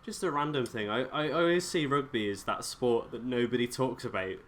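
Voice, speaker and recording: A man's voice: medium pitch, brisk, fairly bright tone, slight background noise. A man from England, a guest in a casual chat, making wry remarks and restarting his sentences.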